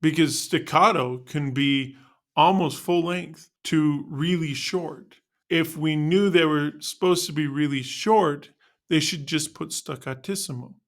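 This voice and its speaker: A male music teacher narrating a scripted lesson on articulations in a clear, instructional way. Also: a little high, unhurried.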